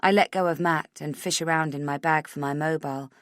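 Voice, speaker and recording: A woman narrating a first-person thriller audiobook in a measured, steady reading. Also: low-pitched, dry recording, studio quality.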